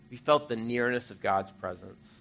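A man preaching an Easter sermon, earnest and conversational, rising to loud emphasis and dropping to hushed, soft moments. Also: medium pitch, moderate pace. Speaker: pastor.

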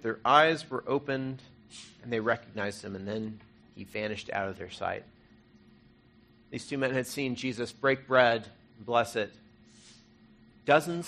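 A man preaching an Easter sermon, earnest and conversational, rising to loud emphasis and dropping to hushed, soft moments. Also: medium pitch. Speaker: pastor.

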